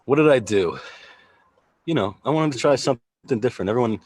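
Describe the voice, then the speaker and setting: A man's voice: medium pitch, animated, fairly quick, a little mellow, dry recording. A man hosting a casual livestream chat, joking, laughing often and rambling with fillers over a video call. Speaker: host.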